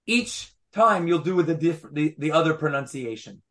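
A man lecturing a study group at an easy pace. his voice sits a touch high, and he comes back to his points, restating them with small asides as he goes. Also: animated, normal speed, fairly bright tone. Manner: patient, repeats phrases, fond of asides. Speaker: Torah teacher. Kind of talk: explanatory class lecture.

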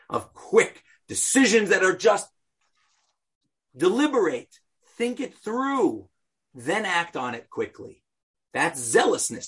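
A man's voice: fairly high pitch, a bit bright, breathy edge. A man teaching an informal Bible class, joking and talking to the group directly. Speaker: Torah teacher.

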